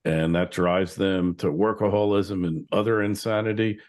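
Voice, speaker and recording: A man with a very low voice hosts a podcast interview. He talks in a loose, musing way, full of fillers. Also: fairly even intonation, normal speed, darkish tone. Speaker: podcast host. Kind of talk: casual interview chat.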